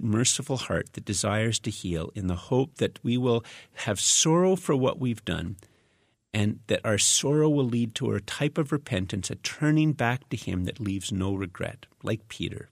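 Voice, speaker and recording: A man with a low, gravelly voice delivers a sermon, moving between scripture reading and relaxed explanation. The sound is close and dry, with no room around it. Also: no room sound. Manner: reflective, conversational preaching with fillers. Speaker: pastor.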